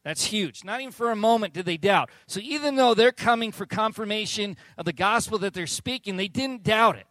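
A man preaches to his congregation with a fairly high voice. He tells lively stories and acts out the quotes. The sound is dry and close. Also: a little fast, few pauses, no echo. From Southern California. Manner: animated storytelling, acts out quotes. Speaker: pastor. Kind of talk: sermon.

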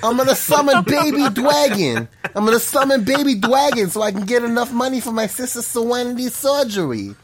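A man's voice: very high-pitched, brisk, few pauses, husky, voice pushed up. A man imitating an earnest young male card-game duelist with a lisp. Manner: lisping, earnest.

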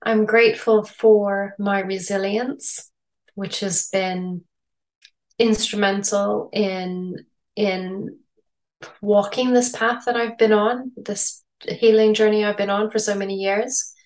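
A middle-aged woman with a Canadian accent, a podcast guest telling her story in a reflective, measured way over a remote call. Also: mid-range voice, fairly even intonation. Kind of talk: interview storytelling.

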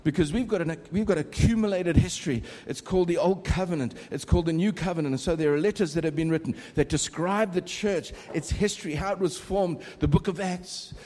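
A man's voice: sits high, darkish tone. A middle-aged man preaching a sermon in a conversational way, joking with the congregation. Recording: long reverb of a large hall.

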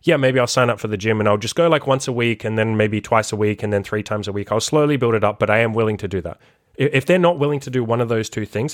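A man speaking at a mid pitch gives blunt, profane self-improvement advice in a loose monologue. He leans on "like" and acts out little quotes as he talks. The sound is dry and close, with no room echo. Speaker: self-improvement coach and podcast host. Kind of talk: casual motivational monologue.

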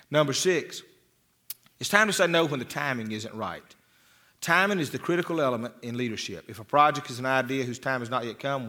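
In a church, a male pastor with a medium-pitched, slightly bright voice preaches a folksy, rambling sermon, frequently restarting and repeating words.

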